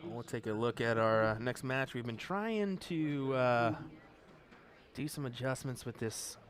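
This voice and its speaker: A man with a slight Ozark twang doing relaxed color commentary on a darts match. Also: medium pitch, measured pace. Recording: crowd chatter behind.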